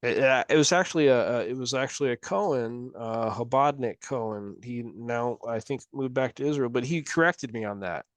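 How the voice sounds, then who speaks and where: A man's voice: medium pitch, normal speed, hardly any pauses, no room sound. Man, study leader, earnest, self-correcting, dry sound, video call. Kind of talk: casual group discussion.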